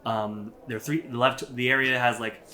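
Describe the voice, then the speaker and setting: A man running a tabletop fantasy game, with a bright, forward voice. He narrates loosely, restarting sentences and filling pauses as he goes. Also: mid-range voice, steady tone. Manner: rambling, many fillers and restarts. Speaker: dungeon master.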